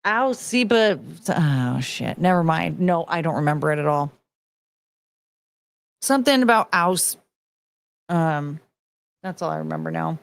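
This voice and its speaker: A woman's voice: deep voice, lively intonation, unhurried, gravelly, long pauses. A young woman hosting a casual commentary stream, rambling and swearing, slipping into mocking voices when she quotes people. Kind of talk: casual rambling livestream chat.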